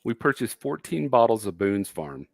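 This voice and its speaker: Low-voiced guy on a livestream, rambly, laughs a lot, dry sound. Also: big pitch swings, moderate pace, creaky, dry recording. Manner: rambling storyteller, laughs often. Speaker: co-host. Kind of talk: casual livestream chat.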